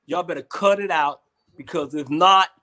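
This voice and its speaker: A man's voice: on the high side, moderate pace, bright, forceful tone. A man hosting a casual comedy chat, rambling and repeating himself with frequent laughs. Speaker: host.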